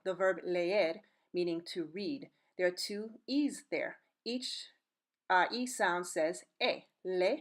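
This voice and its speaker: Brief: woman, mid-pitched, upbeat playful teacher, encouraging video lesson. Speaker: Spanish teacher.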